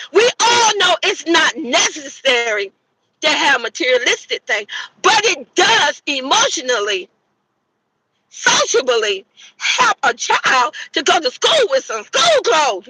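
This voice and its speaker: Very high-pitched woman ranting profanely. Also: slight background noise, low-quality recording. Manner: profane, furious, shouting, repetitive rhetorical questions. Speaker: channel host. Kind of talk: angry gossip commentary rant.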